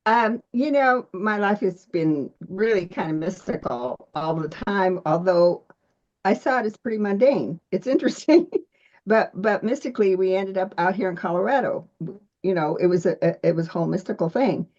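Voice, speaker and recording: A woman with a mellow, darker tone asks a question on a call, wandering through her story with small giggles. The sound is dull and lo-fi. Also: medium pitch, animated, normal speed. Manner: rambling, giggling between thoughts. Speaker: caller with a question. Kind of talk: casual chat.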